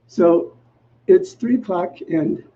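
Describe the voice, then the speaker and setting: A high-voiced male minister telling a story in a sermon, playing out each side of the conversation with self-mocking humor. The recording is a little dull and muffled, with a faint hiss behind him. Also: takes it slowly. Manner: acts out quoted dialogue in a lively, self-mocking way. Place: church sanctuary.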